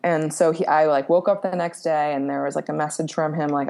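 A woman's voice: low-pitched, flat delivery, a little fast, creaky, few pauses, warm tone. A young woman from Pennsylvania, a podcast guest, frankly telling a personal story with plenty of fillers, casual swearing and laughs at herself. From Pennsylvania, USA.

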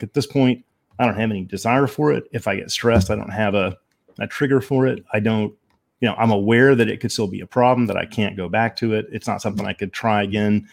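A low-pitched man with a gravelly edge to his voice speaks as a podcast guest. He shares his story candidly, in an unhurried, reflective way, pausing often with ums. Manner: reflective and measured, with frequent ums.

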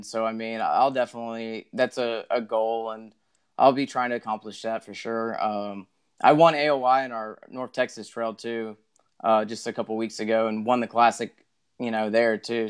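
A young man with a clear, smooth voice talks as a guest on a casual podcast. He speaks modestly and fills his sentences with you know and um. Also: fairly low pitch, steady tone, moderate pace. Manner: modest, uses many fillers like you know and um. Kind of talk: casual interview talk.

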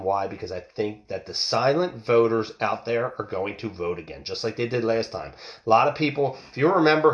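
A man hosting a podcast, talking casually and off the cuff, rambling and swearing freely. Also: medium pitch. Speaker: podcast host. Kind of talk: casual solo political talk. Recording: dull lo-fi recording.

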